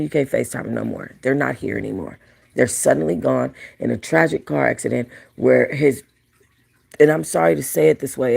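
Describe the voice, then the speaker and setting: A woman's voice: sits low, gravelly, a little mellow, slightly rough. A woman hosting a celebrity commentary show, talking in a chatty, rambling way with frequent restarts. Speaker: commentary channel host.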